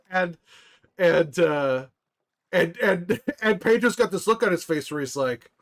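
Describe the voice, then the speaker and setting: Rambling, excitable man chatting to viewers. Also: sits high, takes it slowly. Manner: rambling, excited, laughs often, many restarts. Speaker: livestreamer. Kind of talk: casual livestream chat with viewers. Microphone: desktop microphone.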